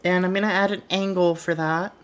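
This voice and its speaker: A woman's voice: fairly low pitch, steady tone, fairly quick. A woman streamer chatting casually while she plays a wrestling booking game, swearing offhandedly.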